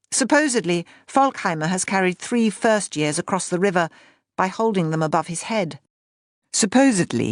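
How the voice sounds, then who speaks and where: Brief: woman audiobook narrator, lowish voice, measured pace, dry close mic. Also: no echo.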